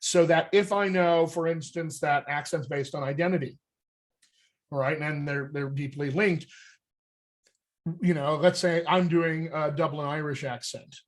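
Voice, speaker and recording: A man from the United States who coaches voice and dialect, explaining accent technique in an energetic, conversational way and checking in with "all right?". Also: a little high, a little slow. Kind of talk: coaching talk on a group call.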